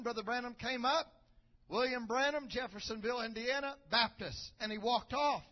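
A male preacher tells a story in his sermon, moving from quiet narration to shouted praise. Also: extremely high pitch. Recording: muffled lo-fi recording.

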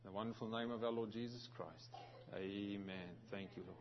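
A man's voice: on the low side, steady tone, brisk, lo-fi sound, crowd noise. A man preaching a sermon, praying reverently and calling out "Lord" and "Father" before reading scripture in a church service.

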